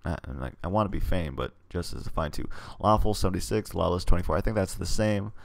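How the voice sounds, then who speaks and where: Reading a text adventure aloud for a casual let's play, a gamer speaks fast and expressively in a very deep, gravelly voice. He ponders his stats between passages in rambling, hesitant asides, through a dry, close desk mic with no echo.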